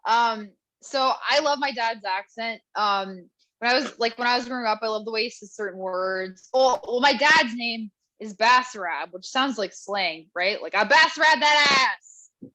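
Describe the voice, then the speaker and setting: A woman's voice: a little high, normal speed, bright, forceful tone, no room sound, low-quality recording. A young woman from Canada doing a chatty stand-up set over a video call, with ironic asides. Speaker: stand-up comedian.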